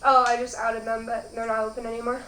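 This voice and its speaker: A young adult woman hosts a mukbang, chatting casually and rambling with lots of fillers. Her voice is fairly high and bright, delivered flatly and fast. The recording has a roomy echo and faint background noise.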